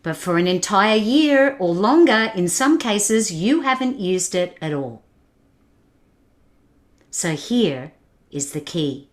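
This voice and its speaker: A woman's voice: medium pitch, expressive, takes it slowly, long pauses. A woman giving a motivational webinar talk, putting questions and challenges straight to her audience and laughing along with their comments. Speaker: keynote speaker.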